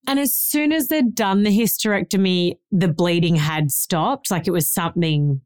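A woman interviewing a guest with gentle, affirming questions. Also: fairly low pitch, moderate pace, dry recording, clean studio sound.

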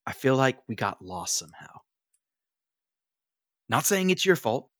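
A man in a tabletop game jokes around playfully with the group. His pitch moves widely and keeps his speech lively. The sound is dry and close. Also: a little slow, no room sound. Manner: playful, jokey. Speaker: player. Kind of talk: casual role-play banter.

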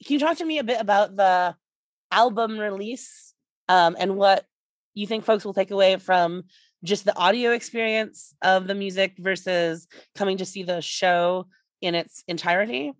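A woman's voice: mid-range voice, normal speed, no room sound. Woman asking friendly interview questions, dry close sound.

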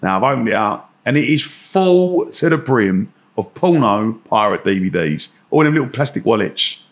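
A man's voice: fairly low pitch, moderate pace. A young adult man, telling a story as a podcast guest and acting out the voices of the people in it. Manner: animated storytelling, acts out voices. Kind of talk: anecdotal storytelling.

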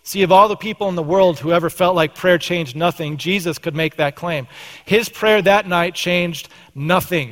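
Storytelling pastor in a reverberant sanctuary. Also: male voice, sits high, normal speed, fairly bright tone. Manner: storytelling, conversational and self-deprecating. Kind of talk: sermon. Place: church sanctuary.

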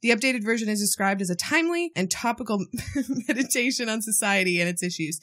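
Woman, podcast co-host, very lively pitch, wry asides, reads news casually. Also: fast talker. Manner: laughs easily, wry asides while reading. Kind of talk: casual chat, reading news aloud.

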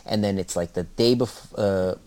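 Male podcast co-host, low voice, casual profane rambler. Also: moderate pace. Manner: rambling, profane, animated retelling. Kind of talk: casual movie chat.

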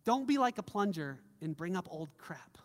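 A male pastor delivering a casual, conversational sermon with animated emphasis. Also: high voice, moderate pace, long reverb tail.

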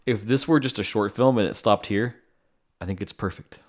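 A man co-hosting a podcast, chiming in with quick agreements and asides during a film recap. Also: fairly low pitch. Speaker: podcast co-host. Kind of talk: casual film recap chat.

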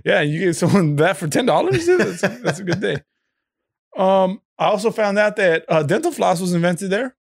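Co-host, male, higher voice, deadpan joker, close dry mic. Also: normal speed, vocal fry, no room sound. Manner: deadpan, joking, crude quips. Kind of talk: casual chat.

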